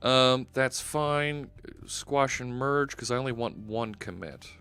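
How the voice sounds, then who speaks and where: A man's voice: medium pitch, slow, pushed and bright, clear, resonant tone. A man hosting a live stream, chatting casually and thinking aloud as he works at his computer. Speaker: host. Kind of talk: live-stream coding chat.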